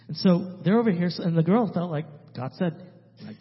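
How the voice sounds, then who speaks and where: High-voiced man telling an animated testimony. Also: a little fast. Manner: emphatic, swings from loud to hushed. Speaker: missionary guest speaker. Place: church sanctuary. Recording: reverberant hall, dull lo-fi sound.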